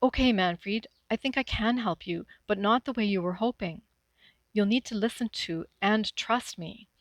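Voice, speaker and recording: Calm, determined teen girl taking charge, voiced by a woman reader, dry close sound. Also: mid-range voice, normal speed, no room sound, lightly acted. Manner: even, determined, stern.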